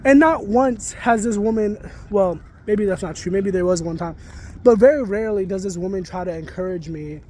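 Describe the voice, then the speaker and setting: A man's voice: high voice, moderate pace, darkish tone, slight background noise. A man venting in a casual vlog rant, heated and full of swearing, recorded outdoors. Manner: profane, heated, rambling. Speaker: psychic reader and spiritual content creator. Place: outdoors near geese.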